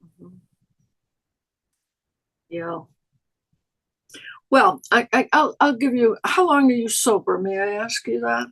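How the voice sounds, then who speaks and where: A woman's voice: on the high side, lively intonation, takes it slowly, pauses often, a bit bright, breathy edge, poor audio. An older woman giving a personal testimony at an online recovery meeting, telling stories and acting out her own past words, over a video call.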